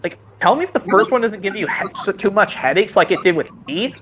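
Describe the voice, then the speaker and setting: Lively, rambling fan on a stream call. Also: mid-range voice, a little fast, muffled recording. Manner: lively, rambling, restarts a lot. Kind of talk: casual live-stream chat.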